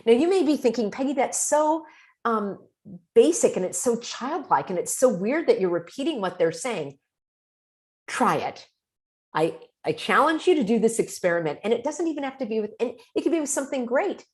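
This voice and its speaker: A woman's voice: a little high, sing-song, moderate pace, a little mellow. A woman from the United States hosting her own channel, talking casually to camera and acting out short quoted replies. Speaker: host.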